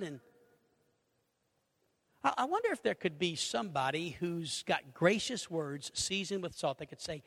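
A middle-aged man preaching a sermon, animated, acting out little conversations and swinging between loud and hushed. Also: on the high side, a little slow, pauses often, slightly rough. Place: church sanctuary. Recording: reverberant hall.

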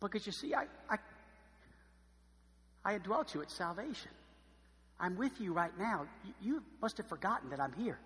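A preacher voicing the Holy Spirit, urgent and high. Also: male voice, animated, normal speed, pauses often, fairly bright tone, in a large hall. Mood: gentle reminding. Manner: insistent, stammering questions.

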